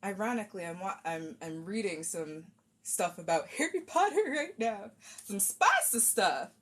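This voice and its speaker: A woman's voice: medium pitch, big pitch swings, moderate pace, fairly bright tone. A woman chatting casually on a cosplay live stream, rambling and self-deprecating while she fixes a wig at home.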